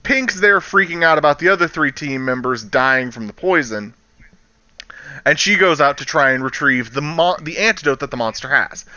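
A man recaps a show episode in casual podcast chat, acting out the characters' lines as he goes. His voice is bright and leaps around in pitch. The recording is dry and a bit dull. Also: normal speed, no room sound. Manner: animated, acts out characters' lines with laughter and swearing. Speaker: podcast co-host.

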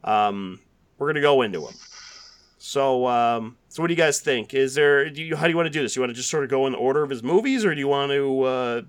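A man's voice: mid-range voice, lively intonation, quick pace, clear, resonant tone. A man hosting a podcast, chatting casually with lots of fillers and restarts. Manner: rambling, filler-heavy, frequent restarts. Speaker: podcast host.

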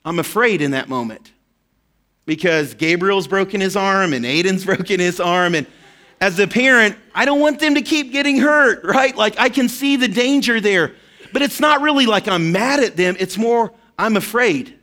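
A man with a notably high speaking voice delivers a sermon in a relaxed, conversational manner. He tells personal stories and keeps checking in with his listeners. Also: normal speed. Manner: conversational, personal storytelling with frequent "right?" asides. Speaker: pastor.

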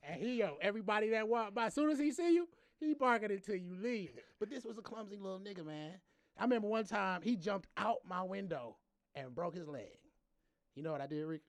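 A high-voiced man tells stories in loose, profane chat. He gets animated and acts out what he and others said. The sound is close and dry. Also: fairly quick, dry recording. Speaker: podcast co-host. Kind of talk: casual chat, storytelling.

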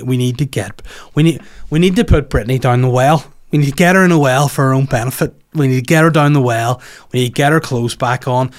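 A man hosting a podcast in casual chat, rambling and animated, swearing freely and going off on tangents. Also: mid-range voice. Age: adult, has children. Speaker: podcast host.

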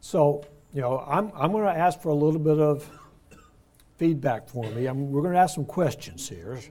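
An older man leading a Bible study, his voice on the high side for a man but mellow and soft-edged. He talks conversationally, slowing down to lean on the words he wants to stress. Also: expressive. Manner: conversational, explains words slowly with emphasis.

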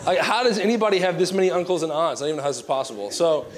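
Young male pastor, lively self-mocking storyteller, voice a bit high. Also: racing, some chatter behind. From Virginia. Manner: animated and self-mocking, with props. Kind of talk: sermon with storytelling.

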